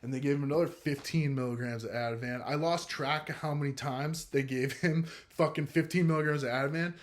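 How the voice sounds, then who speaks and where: A young man telling a story from his own life in a loose, profane way, with a steady stream of "like" between his words. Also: on the high side, a little fast. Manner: laid-back, profane, heavy use of filler "like". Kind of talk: casual first-person storytelling.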